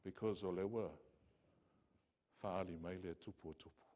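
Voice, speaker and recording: A male pastor, preaching in a church with impassioned storytelling that swings between hushed and loud passages. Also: deep voice, steady tone, moderate pace. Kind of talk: sermon.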